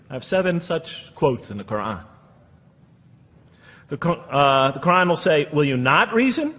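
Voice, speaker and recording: An earnest man lectures an audience and poses one rhetorical question after another. His voice sits fairly high with a breathy, husky edge. The sound rings with a long reverb from the hall. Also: fairly bright tone. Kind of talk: public lecture.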